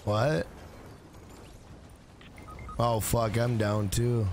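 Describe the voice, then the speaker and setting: A man's voice: medium pitch, fairly even intonation, drawn-out words, darkish tone, slight background noise. A man live-streaming a video game, swearing often and greeting viewers in chat by name. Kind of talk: live gaming stream commentary.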